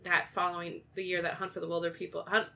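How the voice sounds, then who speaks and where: A woman co-hosting a casual chat, rambling and animated with many fillers. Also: on the low side, fast talker, vocal fry. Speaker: podcast co-host. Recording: dull lo-fi sound.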